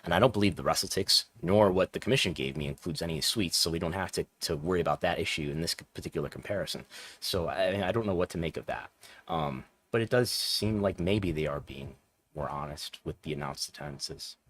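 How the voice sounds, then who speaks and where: Deep-voiced analytical man co-host. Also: fairly bright tone, no room sound. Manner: analytical, measured, thinks aloud. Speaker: podcast co-host. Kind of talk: casual podcast chat.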